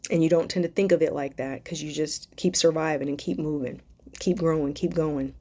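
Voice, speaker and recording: A woman's voice: sits low, steady tone, brisk, darkish tone. A woman hosting a live stream Q&A as a life coach, speaking affectionately and emotionally to viewers with spiritual encouragement, calling them darling and sweetheart.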